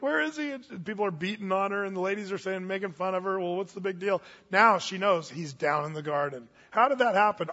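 High-voiced man preaching in a reverberant hall. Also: pushed and bright. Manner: conversational, folksy, with asides and restarts. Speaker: pastor. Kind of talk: sermon. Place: church hall. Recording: dull audio with long reverb in a church hall.

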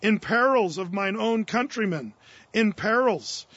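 A man's voice: high voice, expressive, a little slow, fairly bright tone, husky, no room sound, muffled recording. A man preaching a sermon, reading scripture aloud and then paraphrasing it in casual, fervent speech. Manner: fervent, rising in force on key verses. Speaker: pastor. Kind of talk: expository sermon.

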